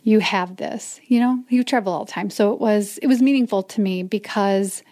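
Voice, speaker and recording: A woman's voice: mid-range voice, moderate pace. A middle-aged woman, a mother of four, telling a personal story as an interview guest, often sinking to a near whisper. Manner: soft, often drops to a whisper.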